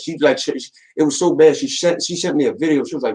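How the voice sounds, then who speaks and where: A man's voice: fairly high pitch, racing, a little mellow, poor audio. A man in casual chat, rambling with many fillers and street slang.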